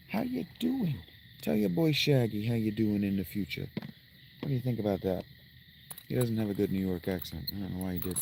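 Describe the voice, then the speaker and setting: A man's voice: medium pitch, darkish tone, poor audio. Man, livestream chat, crude rambling jokes, tent outdoors at night, faint insect noise. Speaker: live streamer. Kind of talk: casual livestream chat to viewers.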